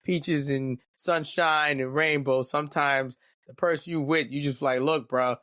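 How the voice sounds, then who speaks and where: A man's voice: on the high side, steady tone, a little slow, sharp tone, no echo, studio quality. Candid, rambling young male podcaster. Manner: candid, rambling, joking asides. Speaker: podcast host. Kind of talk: casual solo podcast monologue.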